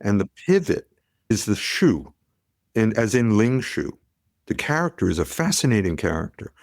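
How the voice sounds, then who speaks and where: Middle-aged man, gravelly low voice, lively yarn-spinning guest, dry close mic. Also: normal speed, no echo. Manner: animated storyteller, acts out quotes. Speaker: podcast guest, pediatrician. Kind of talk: conversational storytelling.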